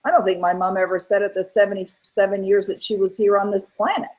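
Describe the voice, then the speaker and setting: A middle-aged woman as an interview guest, telling her own story in an earnest, animated way and acting out what people said. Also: medium pitch, fast talker, rough recording. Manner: earnest, animated retelling with acted-out quotes. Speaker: guest, author and coach.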